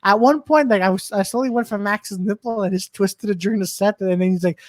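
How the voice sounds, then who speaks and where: A man's voice: high voice, fairly quick. A man, a comedian, telling rambling stories in casual chat, full of restarts and repeats. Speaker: comedian and podcast co-host.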